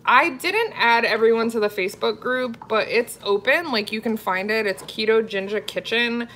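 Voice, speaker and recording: A woman's voice: a little high, normal speed, a bit bright, a little hiss or hum. A woman from Florida chatting casually with viewers on a live cooking stream and reading their comments aloud. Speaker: cooking vlogger.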